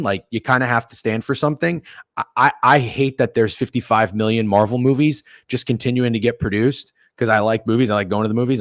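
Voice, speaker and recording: A man hosting a sports betting livestream, ranting in a profane, opinionated way with sudden loud outbursts while reading chat. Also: lowish voice, dry recording, studio quality. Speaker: sports betting stream host.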